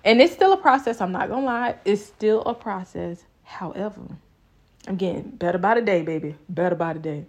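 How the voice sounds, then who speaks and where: A woman's voice: mid-range voice, animated, fairly quick, darkish tone. Woman giving an emphatic faith reflection. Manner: emphatic, repetitive preaching cadence. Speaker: vlogger.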